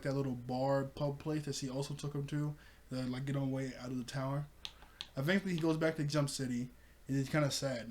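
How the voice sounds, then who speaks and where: A man's voice: medium pitch, a little mellow. A young man casually recapping and reviewing a cartoon episode, chatty, laughing often and acting out quoted lines.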